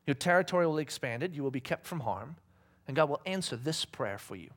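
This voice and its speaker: A man's voice: fairly high pitch, animated, fairly quick. Joking, conversational male preacher. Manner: conversational and joking, laughs often, acts out voices. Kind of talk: casual sermon.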